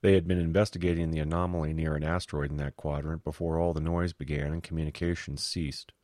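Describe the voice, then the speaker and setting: A man narrating a science fiction story in a measured, steady way. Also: extremely low pitch, no echo, clean studio sound. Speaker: audiobook narrator. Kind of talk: scripted narration.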